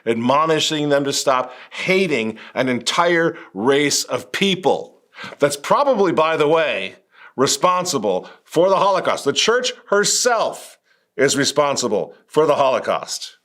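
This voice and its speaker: A man's voice: on the high side, sing-song, measured pace, a bit bright. A male commentary host speaking indignantly, firing rhetorical questions straight at a bishop. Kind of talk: impassioned commentary.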